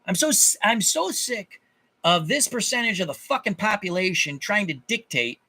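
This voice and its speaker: Angry ranting man, high bright voice. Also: animated, moderate pace, slightly rough. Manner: angry, profane, repeats himself in bursts. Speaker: channel host. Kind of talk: ranting monologue to viewers.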